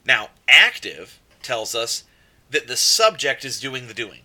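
A man's voice: mid-range voice, sing-song, measured pace, sharp tone. A man teaching a grammar lesson, explaining verb forms step by step and asking his students questions as he goes. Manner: explanatory, asks students questions, repeats examples.

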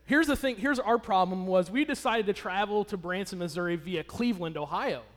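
High-voiced man telling a story in a hall. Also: fairly quick. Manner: conversational, asks the audience questions. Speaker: speaker addressing an audience. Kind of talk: personal story told to an audience. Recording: long hall reverb.

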